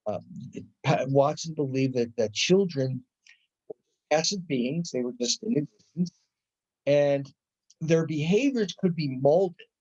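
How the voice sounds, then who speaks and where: Mellow, conversational male lecturer. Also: on the high side, expressive, a little slow, pauses often. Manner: conversational, restarts a lot, acts out examples. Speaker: college psychology lecturer. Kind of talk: classroom lecture. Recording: dull lo-fi lecture recording.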